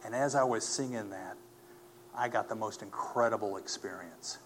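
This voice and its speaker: A man telling his personal testimony in an earnest, halting way, with many fillers and restarts. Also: fairly low pitch, a little hiss or hum.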